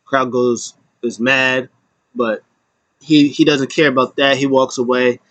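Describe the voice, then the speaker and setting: A man casually recapping a wrestling show, rambling and animated, with lots of fillers. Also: mid-range voice, unhurried, no echo.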